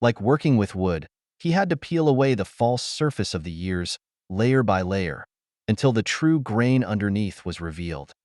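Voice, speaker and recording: A man narrating a dramatic story in an even, unhurried way. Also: on the low side, dry recording, studio quality.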